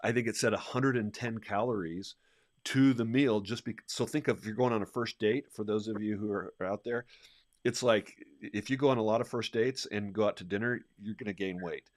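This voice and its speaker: A man who is a leadership coach, talking in an energetic, animated way and restarting his sentences often. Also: fairly low pitch, brisk, no echo, studio quality. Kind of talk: conversational podcast discussion.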